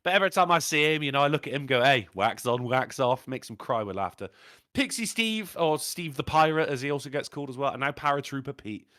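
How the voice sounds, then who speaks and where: On a clean studio track with no room sound, a man with a higher-pitched voice talks fast as a podcast co-host. His casual chat is made up of pub stories told with animation, lots of swearing, and plenty of laughs.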